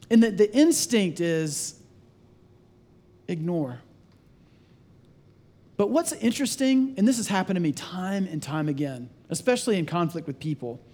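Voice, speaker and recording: Male pastor, middle-aged, high-pitched, conversational sermon, acts out voices. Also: a little mellow.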